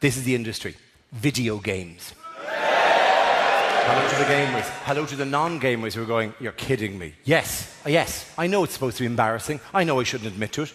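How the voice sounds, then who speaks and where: A man with an Irish accent doing a stand-up routine, animated, swinging between loud shouted bits and quieter asides. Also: medium pitch, fairly quick, crowd noise, noisy background. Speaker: stand-up comedian. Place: theatre stage. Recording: live stage recording in a reverberant hall with audience.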